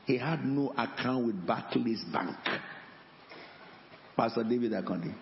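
Man, preacher, sermon storytelling, gravelly, long hall reverb. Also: medium pitch, measured pace, slight background noise. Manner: storytelling preacher, acts out dialogue, repeats words. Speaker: apostle, preacher. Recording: dull, echoey hall with faint ambience.

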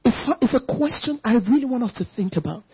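A woman preaching a sermon in a church setting, fervently reading scripture aloud and slowing down for the verses. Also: fairly high pitch, expressive, husky, dull audio. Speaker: church speaker.

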